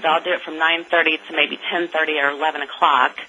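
A woman's voice: sits low, flat delivery, fast talker, pushed and bright, breathy edge, lo-fi sound. A woman who sets appointments, talking casually about her work with many "um" and "you know" fillers. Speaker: appointment setter.

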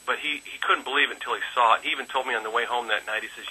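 An insurance agent tells a rambling personal story on a phone conference call, full of fillers and restarts, in a casual testimonial. His medium-pitched voice is fast, pushed and bright with a breathy edge and few pauses, and the recording is rough.

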